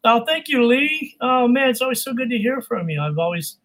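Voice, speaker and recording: A man who coaches voice work, chatting as a guest on a video call, animated and quick to laugh. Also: extremely high pitch, low-quality recording. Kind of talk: casual video call chat.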